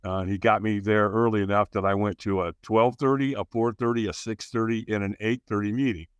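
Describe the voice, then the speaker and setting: A man's voice: fairly low pitch, fairly even intonation, a little fast, clean tone, no room sound. Candid man in his sixties telling his story. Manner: frank, earnest, full of fillers and restarts, acts out quotes. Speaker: podcast guest. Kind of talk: candid personal storytelling in an interview.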